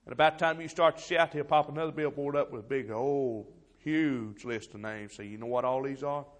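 A man preaching an impassioned sermon, moving between loud exhortation and quiet, heavy storytelling. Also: mid-range voice, fairly quick. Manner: impassioned, swings from shouting to hushed storytelling. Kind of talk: fiery revival sermon.

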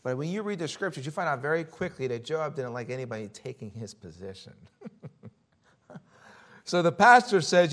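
A man preaching a sermon and reading scripture, throwing out rhetorical questions and swinging between loud emphasis and hushed warnings. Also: on the high side, sing-song, brisk. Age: adult, Army veteran.

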